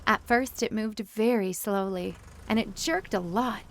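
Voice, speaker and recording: A woman reading a children's picture book aloud, narrating in a lively, expressive way with big jumps in pitch. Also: a little slow. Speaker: storybook reader.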